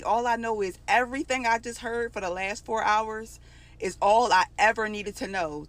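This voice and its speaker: A woman's voice: mid-range voice, fairly bright tone. Woman, storytime vlog, emotional, chatty, repeats lines for emphasis. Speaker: vlogger telling her own story. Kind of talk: casual storytime monologue.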